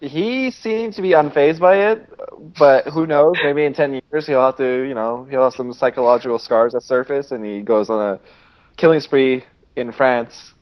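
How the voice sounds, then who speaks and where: A man co-hosting a podcast in casual chat, making dry deadpan jokes. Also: medium pitch, moderate pace, dull audio. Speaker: podcast co-host.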